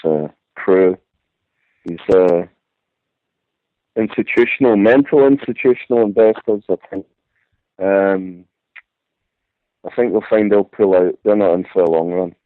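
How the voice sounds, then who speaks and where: A deep-voiced man rings in to a radio show and chats casually, often kicking off with "listen" or similar fillers. The sound is a tinny, dry phone line.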